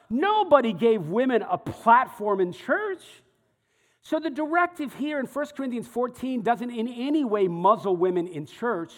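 A man's voice: extremely high pitch, a bit bright. A male pastor teaching a sermon, reading scripture aloud and explaining it conversationally. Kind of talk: sermon teaching through a Bible passage. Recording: long hall reverb.

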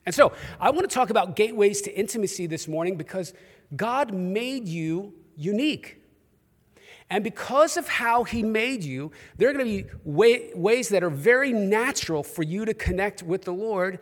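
A man's voice: high voice, lively intonation, moderate pace, in a large hall. A man with a New York accent preaching a sermon in a church, with humorous, conversational storytelling. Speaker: pastor. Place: church auditorium.

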